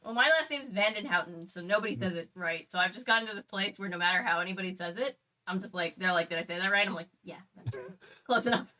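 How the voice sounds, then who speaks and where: A woman's voice: mid-range voice, fast talker, hardly any pauses, bright, forceful tone, recorded from a distance. An American woman hosting a podcast, chatting casually with a rambling, apologetic way of telling stories. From United States. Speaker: podcast host. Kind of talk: casual chat.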